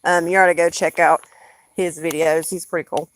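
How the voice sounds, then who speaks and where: A woman's voice: lowish voice, level tone, moderate pace. A woman with a Southern US accent chatting casually on a live stream, rambling and blunt, swearing freely.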